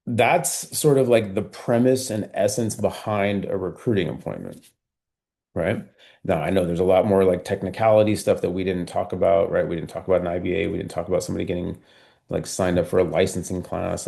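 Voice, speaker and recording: A man coaching a team on recruiting appointments over a video call, talking at a measured, steady pace and often tagging his points with "right?". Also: low-pitched, creaky. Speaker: sales trainer.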